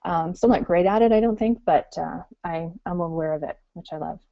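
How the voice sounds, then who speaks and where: A woman's voice: fairly low pitch, brisk, creaky, no echo. Chatty woman with a dull, muffled sound. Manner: chatty, acts out customers' excited reactions. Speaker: guest entrepreneur. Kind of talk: casual interview talk. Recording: muffled call audio.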